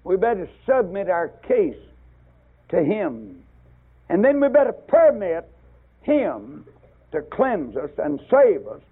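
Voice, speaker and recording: An older preacher delivers a fiery sermon, climbing to loud, emphatic bursts before dropping low. His voice sits a little high and has a husky grain. It comes over a tinny, lo-fi radio broadcast.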